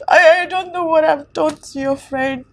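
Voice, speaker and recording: An actress with a Nigerian accent playing a frightened young wife who is crying and talks brokenly. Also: female voice, high-pitched, fairly even intonation, moderate pace. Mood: distraught.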